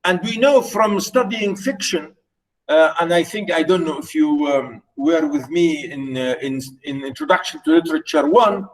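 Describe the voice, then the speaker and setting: A man whose first language is Arabic lecturing on literature, explaining slowly with repeated words and many fillers. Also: fairly high pitch, lively intonation, distant mic, low-quality recording. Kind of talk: recorded lecture.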